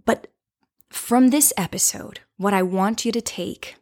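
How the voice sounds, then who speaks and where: A woman hosting a show, telling a personal story as a lesson in a playful, animated way, often checking in with "right?" and laughing. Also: mid-range voice, measured pace. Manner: animated, with frequent tag questions. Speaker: podcast host.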